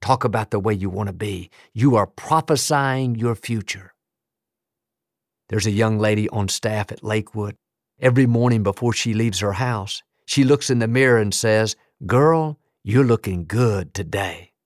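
A man's voice: lowish voice, moderate pace, dry recording, clean studio sound. A man preaching a sermon as pastor, emphatic and building rhythmic lists of declarations.

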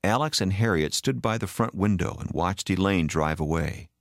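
A man reading a story aloud as an expressive audiobook narrator. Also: deep voice, normal speed, no echo, studio quality.

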